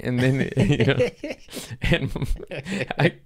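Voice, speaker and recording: A man's voice: medium pitch, lively intonation, slow pace. A man hosting a podcast, telling rambling stories in a laid-back way, with swearing. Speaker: podcast host, comedian. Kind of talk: casual storytelling chat.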